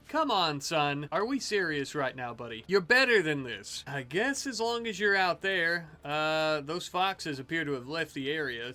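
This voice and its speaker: A young man casually commenting on his own gameplay, excitable, joking and swearing at the game. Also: a little high. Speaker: let's play host.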